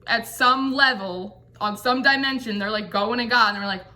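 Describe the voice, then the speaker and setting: A woman's voice: on the high side, normal speed, sharp tone. A woman giving a casual, chatty tarot reading, peppering her talk with "like" and giggling. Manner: chatty, says like constantly, giggly. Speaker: tarot reader.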